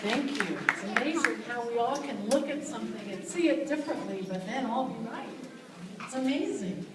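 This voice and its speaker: A woman's voice: fairly high pitch, expressive, normal speed, reverberant, far from the mic, over a noisy crowd, heavy background noise. A woman hosting an event, thanking the performer and moving the program along. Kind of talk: announcing at an event.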